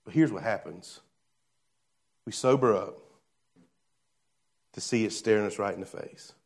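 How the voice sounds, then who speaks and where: A male pastor preaching a sermon in a conversational way, asking rhetorical questions and moving between hushed and emphatic delivery. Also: lowish voice.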